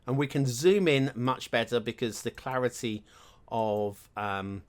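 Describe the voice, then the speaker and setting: A man's voice: medium pitch, a little slow. A man hosting his own gaming channel, chatting and thinking aloud while commenting on his gameplay.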